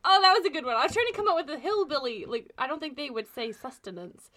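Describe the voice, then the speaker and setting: Giggly woman co-host, high and bright, quick with quips. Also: lively intonation. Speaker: podcast co-host. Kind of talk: casual chat.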